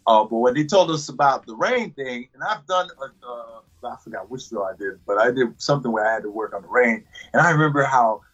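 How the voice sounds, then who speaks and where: A man's voice: mid-range voice, fairly quick, few pauses, husky, lo-fi sound. A man, an actor, telling stories from a shoot in a casual interview, laughing often as he goes. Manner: laughing, animated storyteller.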